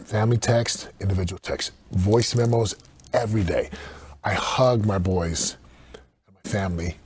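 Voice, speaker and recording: A low, husky man talks in a casual podcast chat. He is a speaker and coach, earnest and animated, and he acts out what others said as he tells a story. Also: moderate pace, dry recording.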